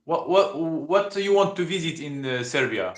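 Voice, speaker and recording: A man in a casual stream chat, halting and searching for words. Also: fairly high pitch, lively intonation, reverberant. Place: in Turkey.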